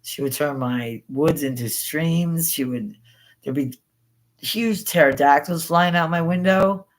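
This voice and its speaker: A middle-aged woman hosting a live stream, telling stories in a rambling, spontaneous way, excitable and quick to swear. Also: low voice, a little hiss or hum. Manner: excitable, swears freely, jumps between thoughts. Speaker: paranormal livestream host.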